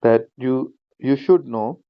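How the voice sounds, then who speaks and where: A man teaching an online speaking-skills class, explaining each point slowly and repeating himself, with plenty of fillers like "you know". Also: medium pitch, clean tone, dry recording, muffled recording. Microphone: shared screen video class.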